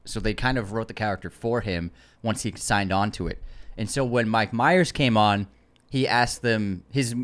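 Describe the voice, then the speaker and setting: Talkative man on a movie podcast. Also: fairly low pitch. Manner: talkative, defensive in friendly argument. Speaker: podcast co-host. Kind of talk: casual movie podcast chat.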